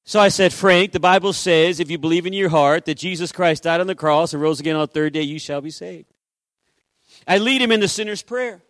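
A man's voice: fairly high pitch, brisk, a bit bright, dry recording, studio quality. A male pastor preaching a sermon, telling a story and acting out the dialogue in changing voices. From Puerto Rico. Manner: acts out dialogue with shifting voices.

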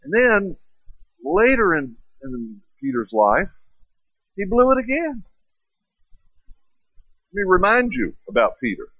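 Brief: male pastor, fairly high voice, storytelling sermon with rhetorical questions, dry dull recording. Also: wildly swooping pitch, slow pace, pauses often, dry recording. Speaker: preacher.

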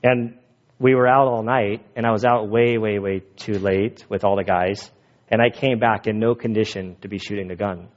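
A man preaching a sermon and telling his own stories in an animated, jokey way, laughing at his own stories. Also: fairly low pitch, moderate pace, lo-fi sound. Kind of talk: sermon with personal storytelling.

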